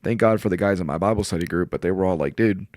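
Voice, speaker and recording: A man in his forties chats on a podcast in a low, deep voice. He is earnest and rambling, and keeps quoting what he said to himself. The studio sound is close and dry. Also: fast, a little mellow, no echo. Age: 40s. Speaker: podcast guest. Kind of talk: casual conversation.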